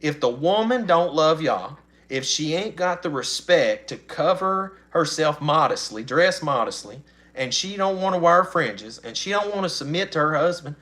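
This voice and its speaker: A man's voice: a little high, sing-song, normal speed, a bit bright. A middle-aged man, chatting casually on his channel in a rambling, folksy way with frequent laughs. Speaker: channel host. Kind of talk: casual live-stream chat.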